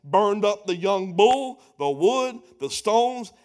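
A man preaching with a high, lifted voice. He delivers the sermon in an animated, sarcastic way, rising loud and then dropping to a hush. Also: slow pace. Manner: animated, sarcastic, shifts between loud and hushed.

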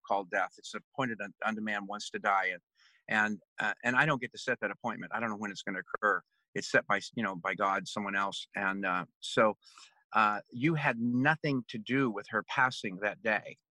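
Man, middle-aged, executive coach, bright tone, dry close sound, earnest storytelling. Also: medium pitch, no room sound, poor audio. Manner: earnest, acts out both sides of a coaching session. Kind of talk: storytelling in a podcast interview.

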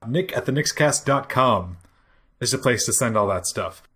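Bright, animated podcast co-host man. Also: mid-range voice, normal speed, slightly rough. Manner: laughing, teasing banter. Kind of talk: casual podcast banter and outro plugs.

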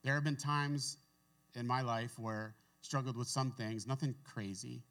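A man preaching a relaxed, conversational sermon, reading scripture and adding his own asides. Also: mid-range voice, moderate pace. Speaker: pastor. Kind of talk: casual sermon.

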